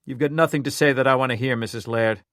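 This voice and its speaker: A man's voice: mid-range voice, fairly even intonation, fast, no room sound, lightly acted. A furious male detective bent on revenge, threatening in a raised, hard-edged voice, as a narrator plays him. The sound is dry and close, with no room around it. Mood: contemptuous. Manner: threatening, yelling.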